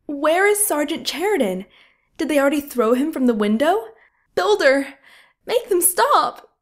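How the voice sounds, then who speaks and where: A woman's voice: high voice, expressive, takes it slowly, pitched above the performer's own voice. A woman voicing a young nurse in a war hospital, who speaks in pleading, faltering bursts. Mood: desperate. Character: young field nurse woman, shaken and desperate.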